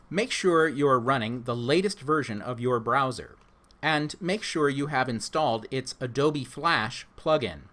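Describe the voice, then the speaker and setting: A man in the role of instructor talks students through an online course orientation. His pitch sits in an ordinary middle range, and he reads from a script at a steady, instructive pace. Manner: measured, instructive.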